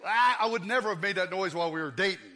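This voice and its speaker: Here a man in his fifties, a pastor, delivers a church sermon with a high, expressive voice that moves at a quick pace and sounds pushed and bright. His style is comic storytelling, acting out the scenes as he goes.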